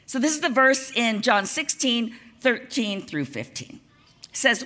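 A woman pastor preaching a sermon in a conversational, lively way, with casual asides. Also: on the high side, a little slow.

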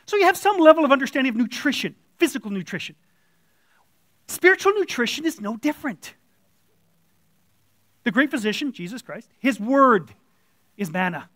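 Male lay preacher, very high pitch, plain-spoken and blunt, dry close recording. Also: sing-song, moderate pace, pauses often, fairly bright tone, dry recording. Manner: blunt, conversational, acting out quoted voices. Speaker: church elder preaching. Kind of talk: informal sermon. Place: church room with audience.

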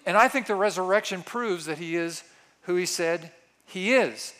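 Middle-aged male pastor, higher voice, lively sermon delivery that acts out quoted lines. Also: moderate pace.

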